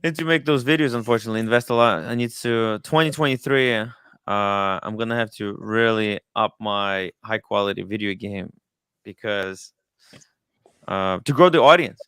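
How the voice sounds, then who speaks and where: A man's voice: on the low side, moderate pace, a bit bright, clean tone, dry recording, studio quality. A man hosting a casual livestream chat about watches, rambling with many fillers and restarts. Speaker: watch podcast host. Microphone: studio mic.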